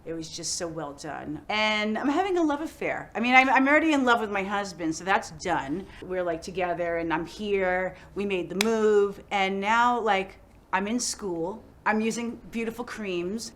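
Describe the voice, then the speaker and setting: A middle-aged woman talks freely in an interview, her voice sitting on the lower side. She rambles in an animated way, leaning on "like" and quick asides. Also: a little hiss or hum. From United States. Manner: chatty, animated, many "like" fillers. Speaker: actress interviewee. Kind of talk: casual interview chat.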